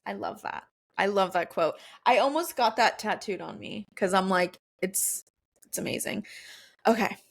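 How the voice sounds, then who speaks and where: A woman's voice: medium pitch, normal speed, vocal fry. A young woman hosting a podcast, chatting casually and supportively, laughing often and calling her guest "girl.". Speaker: podcast host. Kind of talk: casual interview chat.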